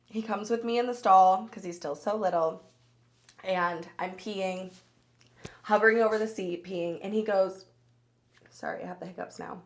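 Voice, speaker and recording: A woman in her thirties hosting a podcast, telling personal stories in an animated, chatty way and laughing as she goes. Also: mid-range voice, normal speed, long pauses. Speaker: podcast host. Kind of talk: solo storytelling podcast.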